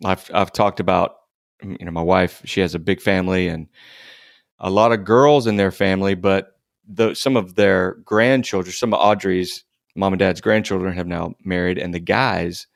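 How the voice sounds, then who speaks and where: A middle-aged man co-hosting a podcast who talks things through slowly and reflectively. His voice is low, with a gravelly edge. The recording is dry and close-miked. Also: dry recording. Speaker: podcast co-host. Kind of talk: casual faith-based podcast chat.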